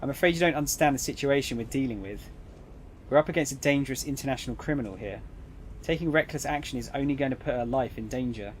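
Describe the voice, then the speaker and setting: Dude reading a cool snide agent guy, calm and talking down, game read-aloud, plain even voice. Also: mid-range voice, quick pace, a little hiss or hum, natural voice. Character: cool, snide adult male embassy agent.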